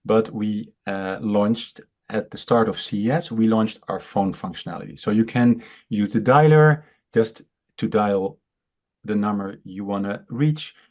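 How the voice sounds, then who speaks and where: Halting Dutch-accented man who stutters. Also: fairly low pitch, darkish tone. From Netherlands. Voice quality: stutters, with many fillers and repeated words. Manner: explanatory, halting. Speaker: startup founder. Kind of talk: interview on a video call.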